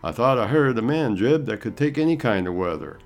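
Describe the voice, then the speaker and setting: A man's voice: medium pitch, lively intonation, fairly quick, soft background music, voice pushed up, lightly acted. Man playing a teasing cowboy traveler. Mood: wry. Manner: teasing, blunt. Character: wry cowboy traveler, adult male.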